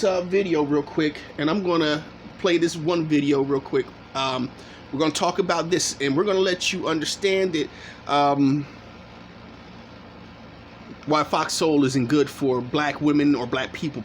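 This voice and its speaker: High-voiced man ranting profanely. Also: unhurried, slight background noise. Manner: heated, cursing, interrupts the clip. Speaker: commentary channel host. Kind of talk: profane reaction commentary.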